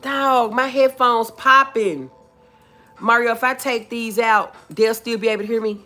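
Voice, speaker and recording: A woman's voice: on the high side, steady tone, measured pace, bright, forceful tone, soft background music. A woman hosting a casual home livestream, chatting with viewers, laughing often and calling them y'all and baby. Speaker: livestream host.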